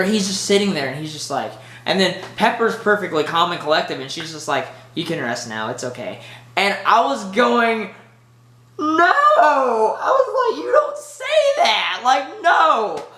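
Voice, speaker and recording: Rambly excited movie reviewer gushing in a casual vlog, bright voice, roomy echo. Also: medium pitch.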